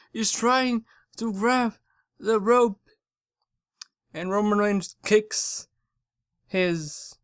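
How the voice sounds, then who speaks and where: Slow, rambling casual reviewer, dry sound. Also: mid-range voice, clean tone, no room sound. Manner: rambling, excitable, stumbles and corrects itself often. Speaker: channel host.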